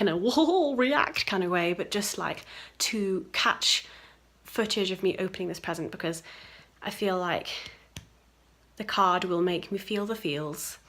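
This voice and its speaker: A woman in her twenties chatting casually in a vlog about her week as a student, bubbly and quick to laugh. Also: medium pitch, fairly bright tone. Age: 20s. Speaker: student vlogger.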